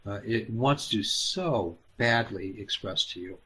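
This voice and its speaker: Man, low-ish voice, spiritual healer, live-stream Q&A, gentle, halting, lots of fillers. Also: animated, breathy edge. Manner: coaxing, addresses viewers by name and calls them hon. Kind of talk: live-stream healing session.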